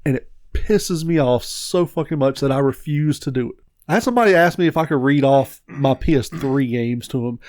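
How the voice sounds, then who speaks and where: A man's voice: fairly high pitch, darkish tone, no echo, studio quality. A man co-hosting a casual podcast, ranting about his store's customers and swearing freely. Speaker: podcast co-host, game store owner. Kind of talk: casual chat.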